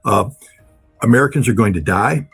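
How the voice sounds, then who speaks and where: A man's voice: mid-range voice, animated, moderate pace, gravelly, breathy edge, faint music behind. A man giving impassioned, blunt political commentary as a guest, repeating phrases for emphasis.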